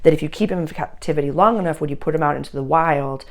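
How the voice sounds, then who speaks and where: Chatty woman with a gravelly low voice. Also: fast talker, darkish tone. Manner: chatty and earnest, addresses listeners directly, many fillers and restarts. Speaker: astrologer giving sign readings. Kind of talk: casual spoken astrology reading.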